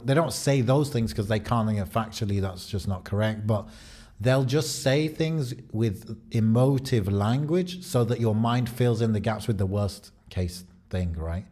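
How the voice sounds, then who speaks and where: A man's voice: on the low side, animated, a little slow, a little mellow. A man with a British accent chatting casually on a podcast, rambling and thinking aloud with many fillers. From Britain. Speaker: podcast co-host.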